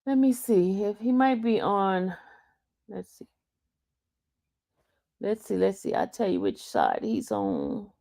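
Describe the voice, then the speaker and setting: A woman's voice: mid-range voice, very animated, takes it slowly, vocal fry, pauses often, mellow, no echo, studio quality. A woman hosting a casual livestream, reading chat comments aloud and taunting a commenter. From New York. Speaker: livestream host.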